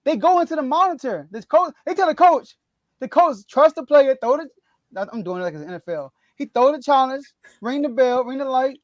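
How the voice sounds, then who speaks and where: Animated high-voiced man ranting about sports. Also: a little fast, no room sound. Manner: laughs often, animated ranting. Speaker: podcast host. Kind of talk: casual sports talk.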